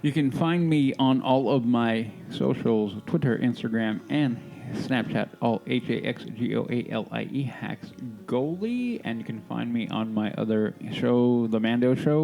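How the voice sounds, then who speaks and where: A man's voice: mid-range voice, gravelly, warm tone. A man co-hosting a podcast, chatting casually and upbeat as he plugs his other show. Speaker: podcast co-host.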